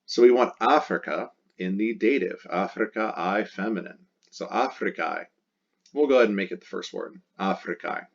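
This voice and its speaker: Deep-voiced man teaching a lesson. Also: normal speed, gravelly, dull audio. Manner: patient, step-by-step, repeats key words. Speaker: Latin teacher. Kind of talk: explaining a textbook exercise.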